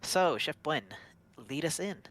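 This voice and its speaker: A man's voice: a little high, animated, measured pace, fairly bright tone. A man hosting a podcast in a casual, upbeat, friendly way, introducing a guest. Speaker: podcast host.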